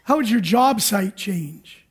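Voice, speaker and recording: High-voiced pastor telling a chatty story. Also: male voice, expressive, takes it slowly, slightly rough. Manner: chatty self-deprecating storytelling, acts out his own panic. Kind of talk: sermon. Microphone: recorded for radio.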